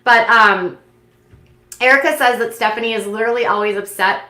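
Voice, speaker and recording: A woman hosting a reality TV recap, retelling scenes in an animated, opinionated, gossipy way with lots of fillers. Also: on the high side, a little fast, reverberant. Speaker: commentary channel host.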